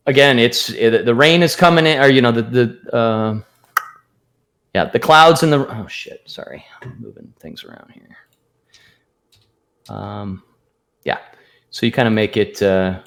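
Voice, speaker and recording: A man's voice: medium pitch, a little slow, gravelly, pauses often, a bit bright, roomy sound. A man narrating as game master, rambling with hesitant restarts.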